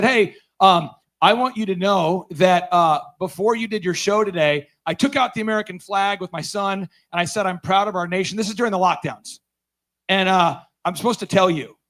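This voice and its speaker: A man giving a storytelling talk at a conference, acting out the dialogue he quotes. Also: sits high. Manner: animated, acts out quoted dialogue. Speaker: conference speaker.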